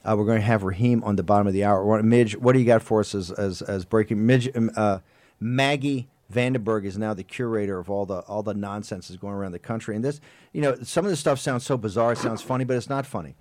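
A man's voice: fairly low pitch, fairly even intonation, quick pace, darkish tone, no room sound. A man hosting a political talk show, delivering an impassioned, rambling monologue full of emphatic repetition. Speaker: host.

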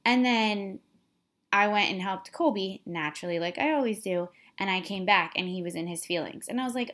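A woman's voice: mid-range voice, moderate pace. A woman in her thirties chatting casually as a podcast co-host, candidly telling a story about her family and acting out both sides of a spat. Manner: candid, animated storytelling, mimics her husband. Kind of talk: casual chat.

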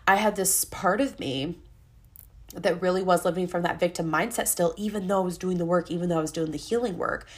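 A woman's voice: fairly low pitch, fairly quick. A young adult woman hosting a solo podcast, talking candidly in a rambling, self-interrupting way. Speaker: podcast host. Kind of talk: casual solo podcast monologue.

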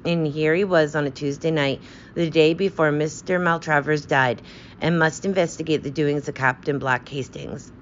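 A woman voicing a precise, polite foreign male detective who questions in a measured, courteous way. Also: low voice, fairly even intonation, highs cut off, a little hiss or hum, close to an everyday voice. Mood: explaining.

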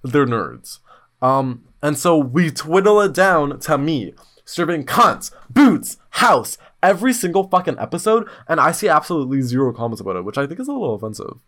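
A man hosting a podcast in casual chat, telling stories in a blunt, slangy, animated way with sudden excited jumps in pitch. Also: normal speed. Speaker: podcast host.

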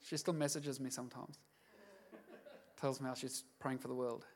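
A man's voice: medium pitch, little pitch movement, moderate pace. A middle-aged man preaching a sermon as pastor, passionate and building to emphatic outbursts.

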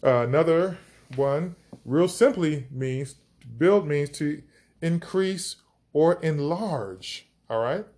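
A man's voice: a little high, animated, takes it slowly, a little mellow. A man teaching scripture on a podcast, enthusiastic, stretching out key words for emphasis. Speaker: preacher.

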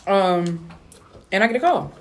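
A woman's voice: fairly low pitch, measured pace, a little hiss or hum. A young woman hosting a casual chat, telling candid stories and often laughing as she talks. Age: young adult. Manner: candid, laughing, quotes people in lively voices. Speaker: podcast host.

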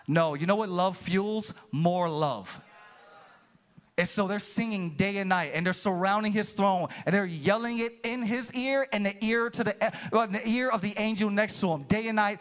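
A pastor's high-voiced sermon, delivered at a moderate pace, speaks directly to the congregation. He stays animated throughout and now and then bursts into shouting.

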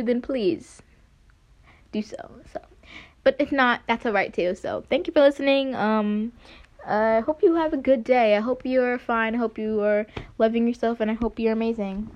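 A woman's voice: fairly high pitch, steady tone, a little fast, darkish tone. A young woman hosting a casual solo podcast, rambling with many fillers and restarts. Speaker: podcast host. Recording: dull lo-fi home recording.

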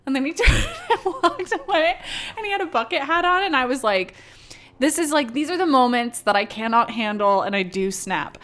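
A woman's voice: a little high, expressive, fairly quick, fairly bright tone. A young woman co-hosting a podcast, chatting casually, laughing often and telling blunt, profane stories. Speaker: podcast co-host. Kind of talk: casual chat.

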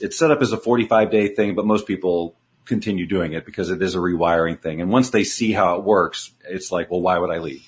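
A man, a guest coach in an interview, explaining his ideas earnestly and repeating key words for emphasis. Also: sits low. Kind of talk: conversational interview.

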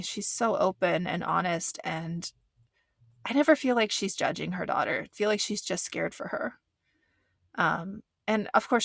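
A woman's voice: mid-range voice, vocal fry, a bit bright, no room sound, clean studio sound. A woman giving casual, earnest commentary on a reality show, rambling with frequent restarts and getting emotional.

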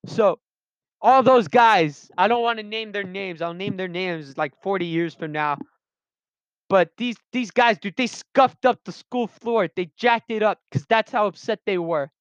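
A man's voice: high voice, measured pace, a bit bright, clean tone, no room sound. A young man rambling through personal stories in a casual, slangy monologue, often interrupting himself. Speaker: vlogger telling personal stories. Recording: dull lo-fi sound.

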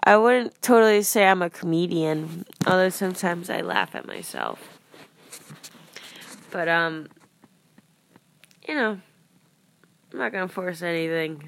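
A woman's voice: medium pitch, gravelly, a bit bright. A woman hosting her own podcast, talking through self-help tips in a loose, rambling, earnest way, full of fillers. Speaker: podcast host. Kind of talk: casual self-help monologue.

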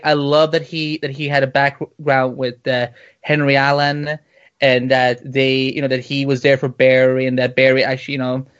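Man, fairly high voice, casual podcast co-host, rambling and animated, dull lo-fi sound.

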